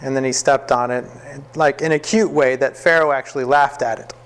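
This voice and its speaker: A man teaching a classroom Bible lesson, telling the story in a lively way, acting out the quotes and often laughing. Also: medium pitch, a little fast, clear, resonant tone.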